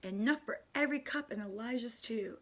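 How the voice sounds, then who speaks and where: A woman's voice: fairly high pitch, fairly quick, lightly acted. A woman reading as a firm, kindly father. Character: kindly strict father leading a holiday meal.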